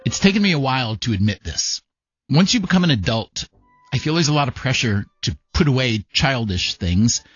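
A man's voice: medium pitch, sing-song, normal speed, fairly bright tone, breathy edge, dry recording, highs cut off, soft background music. Reflective male podcast host. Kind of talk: scripted narration and interview.

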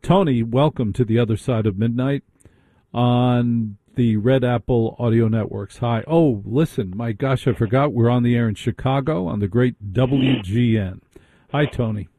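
A man's voice: medium pitch, moderate pace, mellow, no echo. A man hosting a late-night call-in radio show, bantering and teasing callers with dry humor. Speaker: radio host.

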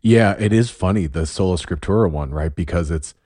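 A male host with a very deep voice reflects on his guest's answers and asks follow-up questions. His speech is thoughtful, and the sound is dry and close. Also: brisk, dark tone, breathy edge, no echo. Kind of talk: casual interview.

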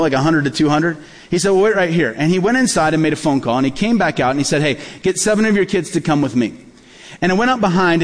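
A man with a high, light voice preaches a sermon, telling a story and acting out the quoted lines. His voice rings with the long reverb of a large church hall. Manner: storytelling, acts out quoted dialogue. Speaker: pastor.

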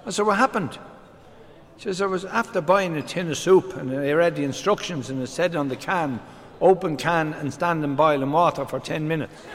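An older man, telling a string of deadpan one-liner jokes on stage. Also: a little high, fairly quick, in a large hall. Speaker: comedian. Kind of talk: stand-up joke telling.

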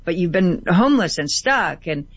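A woman appearing as a guest on a call-in radio show who gives gentle advice and often repeats words for emphasis. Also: on the low side, lively intonation, normal speed, husky, no echo. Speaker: guest healer. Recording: dry, slightly dull audio.

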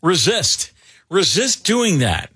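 A man's voice: high-pitched, very animated, a bit bright, breathy edge, dry recording. A man hosting a morning radio show, joking and chiming in with opinions. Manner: joking, quick to cut in with opinions. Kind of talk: casual radio banter. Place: radio studio. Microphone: studio microphone.

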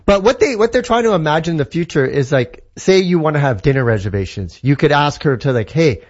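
Brisk and expressive, a slightly high-voiced Canadian man talks tech as a guest in a casual segment, though the audio is muffled. He's enthusiastic and rambling, stumbling into fillers and starting sentences over.

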